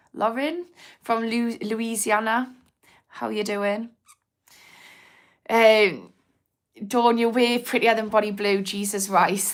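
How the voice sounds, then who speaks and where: A young woman with a Geordie accent chatting casually on a livestream, rambling and laughing, reading out viewer comments. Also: medium pitch. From Newcastle, England. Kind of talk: casual live chat.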